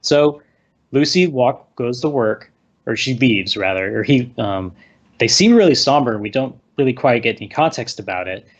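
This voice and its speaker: A man's voice: mid-range voice, expressive, normal speed, muffled recording. A man co-hosting a casual movie discussion, recapping scenes in a rambling way and acting out quotes. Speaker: podcast co-host.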